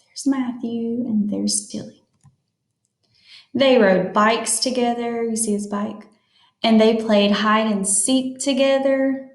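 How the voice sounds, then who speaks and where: A woman reading a picture book aloud to children, slowly explaining new words as she goes. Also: fairly high pitch, reverberant. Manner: slow, explains words to young listeners. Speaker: storytime reader.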